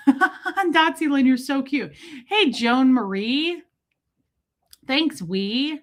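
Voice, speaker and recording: A woman's voice: high-pitched, expressive. Chatty woman greeting livestream viewers. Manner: chatty, greets viewers by name in quick bursts. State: warm and a bit breathless. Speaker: livestream host. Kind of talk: casual livestream chat. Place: small room with door shut.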